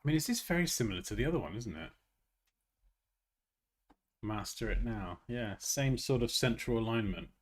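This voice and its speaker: A man's voice: medium pitch, expressive, moderate pace, pauses often, slight background noise. A man hosting a design livestream, thinking aloud as he works and tossing out teasing, jokey asides, on a close desk mic.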